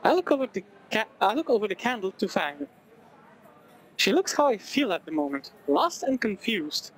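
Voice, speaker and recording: A man's voice: high voice, sing-song, moderate pace, low-quality recording. A man playing a visual novel, reading it aloud with chatty, wry asides. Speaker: video game let's player. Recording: background game music.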